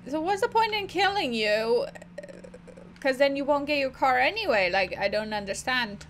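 A woman's voice: high voice, animated, normal speed, fairly bright tone, a little hiss or hum. A woman gaming streamer giving casual gameplay commentary, chatty and self-mocking, always saying "literally". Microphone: desk microphone.

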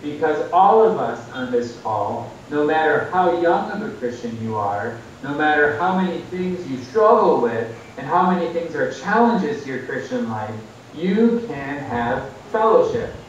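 An earnest man preaches over a video call, his voice pitched in a middle range and rising now and then for emphasis. He sounds far from the mic in a very echoey room. The audio is dull and muffled, with a faint rumble underneath. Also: lively intonation, a little slow. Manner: earnest, exhorting, with rises for emphasis.

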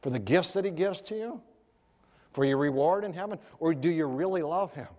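High-voiced man preaching in an echoey hall. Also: expressive, fairly quick, warm tone. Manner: earnest, rhetorical questions to the audience. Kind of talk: sermon.

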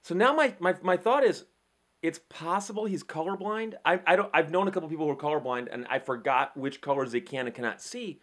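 Male host, middle-aged, pitched a bit high; chatty storyteller who stumbles over repeated words. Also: brisk. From Michigan, USA. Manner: animated storyteller, frequent repeats and restarts. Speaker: legal commentary host. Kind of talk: casual explainer talk.

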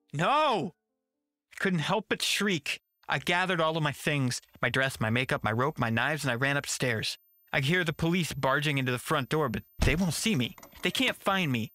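A man narrating a first-person horror story with a tense, measured reading. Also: mid-range voice, sharp tone.

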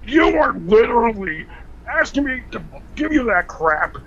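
A man's voice: extremely high pitch, big pitch swings, a little slow, a bit bright, lo-fi sound. A man calling into a radio show, taunting and making crude accusations. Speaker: caller. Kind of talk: mocking phone call.

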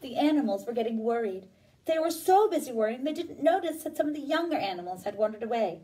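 A woman librarian reads a children's picture book aloud in a gentle, sing-song way. Her high voice bobs expressively and sounds a little distant from the mic. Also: expressive, brisk. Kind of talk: children's story time reading.

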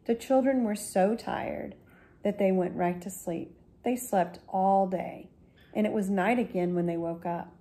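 A woman, a school librarian, reading a children's book aloud slowly and gently. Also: mid-range voice. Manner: slow, gentle storytelling.

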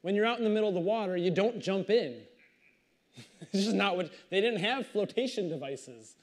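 Male pastor, slightly high voice, animated reading and sermon commentary. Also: normal speed. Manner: animated storytelling, reads scripture then comments conversationally.

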